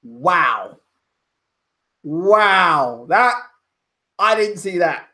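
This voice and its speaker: A man's voice: high-pitched, expressive, extremely slow, sharp tone. A man hosting casual live boxing commentary, opinionated and emphatic, repeating his points. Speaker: boxing pundit and channel host. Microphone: home microphone, audio only.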